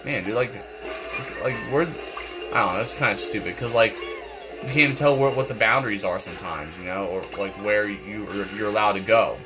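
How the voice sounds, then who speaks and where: A young man with a congested, stuffy voice talks through his gameplay in a loose, rambling way, doubling back on his words. His voice sits a little on the low side. Game music plays clearly underneath him. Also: normal speed. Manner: rambling, repeats words, many fillers. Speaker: gaming channel host. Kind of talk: casual gameplay commentary. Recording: game music playing behind.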